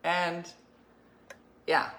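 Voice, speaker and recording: A woman's voice: lowish voice, level tone, extremely slow, a bit bright, echoey room, slight background noise. A woman hosting an online show, chatting casually with viewers and laughing as she tells stories. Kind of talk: casual live-stream chat.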